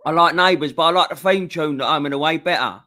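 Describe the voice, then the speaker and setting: A man in a casual football chat, with a high, bright voice. He rambles easily, piles on fillers and keeps a chatty flow. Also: fast talker. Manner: chatty, rambling, laughs a lot. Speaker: co-host.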